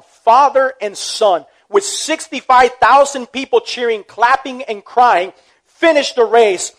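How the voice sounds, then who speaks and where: Man, pastor, sermon, high-pitched voice, earnest, emphatic delivery. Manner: earnest, emphatic storytelling preacher.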